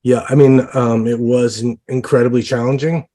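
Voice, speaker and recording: A man's voice: medium pitch, little pitch movement, normal speed, dark tone. A man, a film director, talking about his film in an interview, with many fillers and restarts. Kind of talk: interview conversation. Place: lives in New Orleans.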